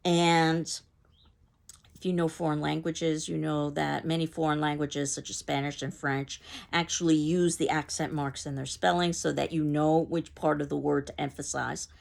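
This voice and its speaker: A woman teaching a class, explaining in a measured way with some fillers and restarts. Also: low voice, level tone, gravelly. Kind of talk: recorded lecture.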